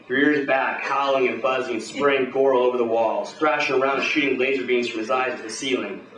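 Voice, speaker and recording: A man's voice: mid-range voice, fairly even intonation, fairly quick, distant mic, noisy background. Swaggering hardboiled male storyteller, roomy. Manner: gruff, swaggering, profane, hardboiled. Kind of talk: first-person pulp action tale told aloud.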